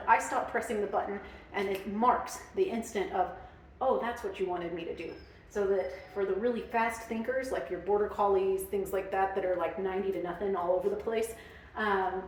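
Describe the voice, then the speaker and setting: A woman's voice: mid-range voice, far from the mic, a little hiss or hum. A woman dog trainer explaining her methods in a casual, chatty way, with many fillers. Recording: very echoey room, off-mic.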